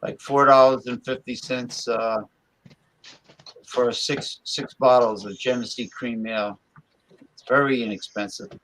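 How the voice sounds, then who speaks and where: A man's voice: mid-range voice, steady tone, a little slow, fairly bright tone, slight background noise, low-quality recording. A man co-hosting a casual podcast, talking in an easygoing way and often repeating himself. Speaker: podcast co-host. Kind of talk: casual chat.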